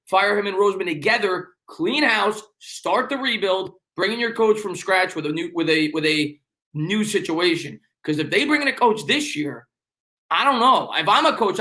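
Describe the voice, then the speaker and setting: A young man with a strong New York accent hosts a casual sports live stream and reads out viewer comments. His voice sits high and sounds bright. He rambles, repeats lines, and jokes with the chat. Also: lively intonation. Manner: fast, rambling, repeats himself, joking banter.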